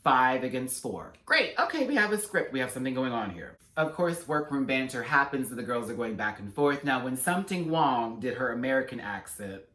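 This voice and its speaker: A man giving a casual, sassy episode recap and review with animated, slangy asides. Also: mid-range voice, a little fast, few pauses. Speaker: reality TV reviewer. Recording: roomy echo.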